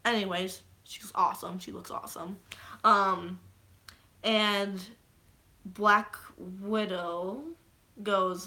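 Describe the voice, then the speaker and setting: A young woman with a bright, clear voice talks fast and loose about a movie she loved. She swears freely, says "um" a lot and jumps into quoted lines as she retells scenes. The tone is casual and eager. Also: mid-range voice. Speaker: vlogger. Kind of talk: casual spoiler recap.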